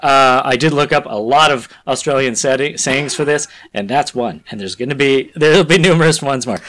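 A man co-hosting a podcast in casual chat, rambling through a story pitch with lots of fillers. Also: brisk, a bit bright. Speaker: podcast co-host.

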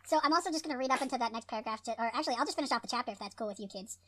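Woman, comedic co-host, quick and high, animated reader. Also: a crowd in the background. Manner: jokey, animated, swears, laughs often. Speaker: podcast co-host reading fan fiction. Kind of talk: casual comedic reading aloud.

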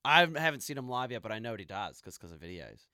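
A man's voice: fairly low pitch, big pitch swings, fast, bright, forceful tone, no echo, studio quality. A man with an Australian accent in a laid-back, rambling way in an improvised comedy sketch.

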